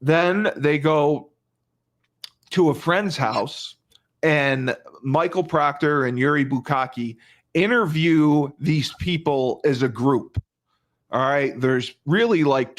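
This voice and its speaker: A man's voice: fairly high pitch, slow. A male podcast host retelling a crime case in casual talk, emphatic, repeating phrases and restarting often.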